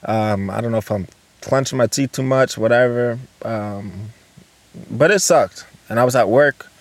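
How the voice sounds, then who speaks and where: A man hosting a solo casual podcast, rambling and swearing, jumping between loud outbursts and low mutters, recorded on a phone and laptop. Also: a little slow, no room sound. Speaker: podcast host.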